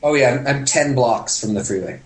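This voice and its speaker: A man's voice: mid-range voice, moderate pace. A Canadian man talking from his home office as a podcast guest, joking and laughing easily. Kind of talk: casual conversation. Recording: echoey room.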